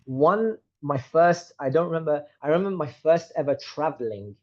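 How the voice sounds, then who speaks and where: A man's voice: a little high, lively intonation, moderate pace, dull audio. A man in his thirties with a British accent, chatting candidly as an interview guest, wandering off on tangents and poking fun at himself. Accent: British English. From United Kingdom. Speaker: guest, reciter. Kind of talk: casual interview conversation. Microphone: podcast microphone.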